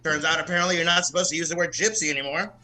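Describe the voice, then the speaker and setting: A man's voice: a little high, fairly even intonation, very fast, sharp tone, low-quality recording. A man from the American South doing a casual, profane stand-up set at an open mic, laughing at his own jokes. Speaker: stand-up comedian.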